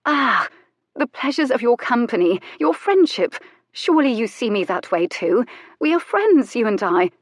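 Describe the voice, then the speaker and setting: A woman voicing a proud young noblewoman who turns anxious and pleading in a breathless, higher voice. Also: very animated, normal speed, dry recording, clean studio sound.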